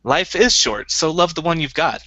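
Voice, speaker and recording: A man's voice: fairly high pitch, expressive, normal speed, bright, forceful tone, no echo. A man co-hosting a podcast in easygoing casual chat, laughing often. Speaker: podcast co-host.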